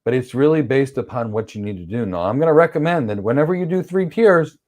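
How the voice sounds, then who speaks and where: A man's voice: medium pitch, animated, quick pace, a little mellow. Blunt, opinionated male tech instructor. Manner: blunt, opinionated, reads viewer questions aloud; acts out examples in playful voices. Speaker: cloud certification instructor. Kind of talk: livestream Q&A teaching.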